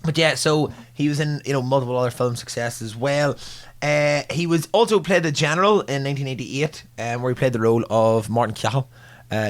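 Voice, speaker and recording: A man co-hosting a podcast, with a voice of middling pitch. He chats easily, laughs often and leans on fillers as he runs through film facts. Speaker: podcast co-host. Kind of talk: casual chat.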